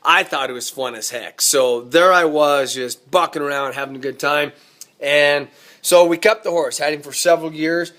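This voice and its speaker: A man, a rodeo cowboy, telling a ranch story in a folksy, animated, self-amused way. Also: on the high side, moderate pace. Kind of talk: casual spoken storytelling.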